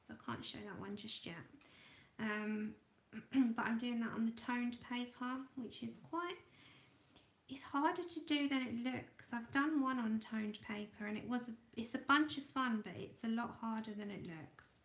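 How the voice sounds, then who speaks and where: A woman hosting an art livestream, chatting casually and thinking aloud as she draws, sometimes trailing off into quiet murmurs. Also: on the high side, moderate pace, echoey room. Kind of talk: casual livestream chat while drawing.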